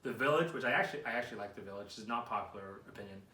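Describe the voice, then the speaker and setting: Bright-voiced man in an echoey room. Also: on the low side, very fast, a little hiss or hum. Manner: joking, puts on his mother's voice. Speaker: comedian guest. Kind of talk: casual podcast chat. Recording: echoey room, mic at a distance.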